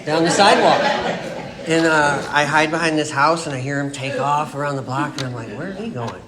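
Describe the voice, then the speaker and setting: A man's voice: a little high, fairly even intonation, brisk, crowd noise. A man in his forties telling his personal recovery story to a group, rambling and laughing at himself as he acts out what people said. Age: 40s. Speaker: AA meeting speaker. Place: meeting room. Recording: echoey room with background noise.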